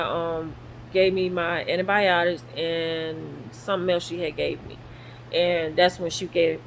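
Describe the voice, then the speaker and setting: Woman, lively storyteller who acts out everyone she quotes, recorded in a guest room at home with a faint hiss. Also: on the low side, poor audio. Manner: animated, acts out quoted voices. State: in recovery, sore. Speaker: vlogger. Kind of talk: casual storytelling.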